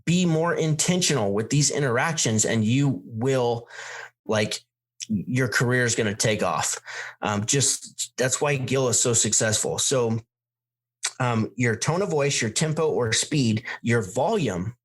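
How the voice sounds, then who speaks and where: A man's voice: medium pitch, a little slow. A man hosting a coaching talk, speaking energetically and emphatically, shifting his pace and volume to make his points. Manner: energetic, emphatic, plays with tempo and volume to demonstrate. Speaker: sales coach host.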